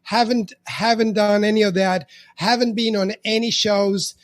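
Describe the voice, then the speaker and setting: A man in his fifties with an Italian accent, a podcast guest talking in a halting way, with many restarts and fillers. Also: high-pitched, steady tone. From Italy. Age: 50s. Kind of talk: casual interview conversation.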